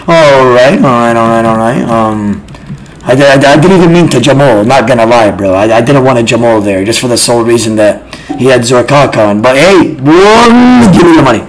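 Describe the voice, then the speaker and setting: A man streaming games live, chatting casually with profane trash talk and bursts of shouting. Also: mid-range voice, expressive, normal speed, slight background noise, poor audio. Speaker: game streamer. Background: music.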